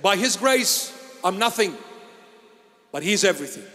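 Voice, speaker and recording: A man from Iraq, a bishop giving an emphatic, deliberate sermon-style address that rises at times to shouting. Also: sits high, expressive, in a large hall.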